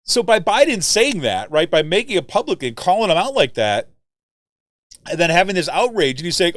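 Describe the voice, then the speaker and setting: Man, fairly high voice, political commentary host, chatty and rambling, dry close sound. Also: a little fast, no echo. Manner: animated, rambling, frequent "right?" tags and fillers.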